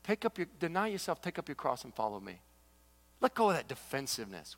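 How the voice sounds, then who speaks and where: Lively man preaching in an echoey hall. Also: fairly high pitch, quick pace. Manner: animated storytelling, swings between loud exclamations and hushed intensity. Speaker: pastor. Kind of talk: sermon.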